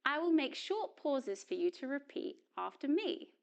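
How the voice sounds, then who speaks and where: A woman narrates a scripted pronunciation lesson at a slow, deliberate pace. Her voice sits a little high and moves through a wide, animated range of pitch. She leans on key words with careful, exaggerated stress so learners can copy her. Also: lo-fi sound. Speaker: English pronunciation teacher.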